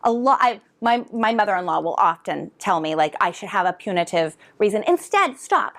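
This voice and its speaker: A middle-aged woman educator giving a conference talk to parents and teachers, animated and drawing answers from the audience. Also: mid-range voice, moderate pace. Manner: animated, asks the audience to respond. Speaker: educator presenter. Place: conference hall.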